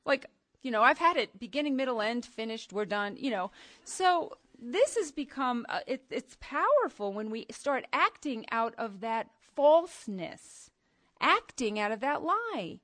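A middle-aged woman preaching to a women's gathering, emphatic and animated, moving from soft asides to loud outbursts. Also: on the high side, measured pace, no room sound. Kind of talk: sermon.

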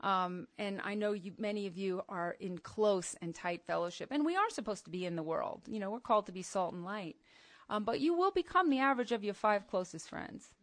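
A middle-aged woman preaching to a women's gathering, emphatic and animated, moving from soft asides to loud outbursts. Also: mid-range voice, fairly quick, no room sound. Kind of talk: sermon.

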